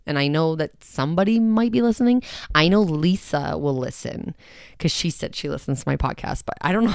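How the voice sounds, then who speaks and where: Low-voiced woman, rambling podcast chat. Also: darkish tone, no room sound, clean studio sound. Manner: rambling, chatty, self-mocking. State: slightly short of breath. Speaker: podcast host. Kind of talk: casual solo podcast chat. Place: quiet home in the early morning.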